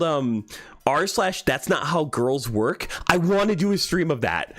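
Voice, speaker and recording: A man's voice: mid-range voice, measured pace. A young adult man hosting a casual livestream, reading chat aloud and laughing often as he tells stories. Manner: animated, laughs a lot, reads chat aloud. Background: faint background music.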